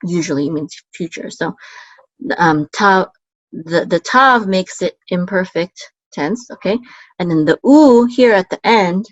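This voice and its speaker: A woman teaching a relaxed online language lesson, explaining patiently and often checking in with "okay?". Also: lowish voice, a little slow, no echo. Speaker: Biblical Hebrew teacher. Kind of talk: casual screen-share lesson. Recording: dull, dry lo-fi sound.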